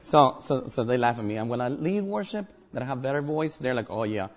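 A man's voice: mid-range voice, expressive, moderate pace. A man from Guatemala with a Guatemalan accent, a native Spanish speaker, preaching a sermon as pastor, emphatic and joking.

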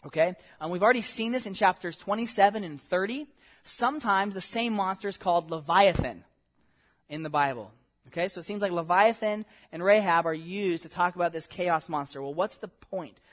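A male Bible teacher with a notably high voice, animated and conversational. He laughs easily and keeps checking in with his listeners. His delivery has the feel of an informal class rather than a formal sermon. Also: fairly quick. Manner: animated, checks in with "okay?" and "right?", laughs often.

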